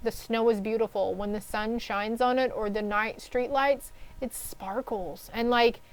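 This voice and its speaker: A woman with a slightly high voice talks her way through a tarot reading in an easygoing, rambling way. She gushes and keeps reassuring her listeners, checking in with them as she goes. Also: fairly even intonation, measured pace, rough recording. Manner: chatty, rambling and gushing, reassuring listeners with frequent "okay?". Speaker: tarot card reader. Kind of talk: casual spoken tarot reading.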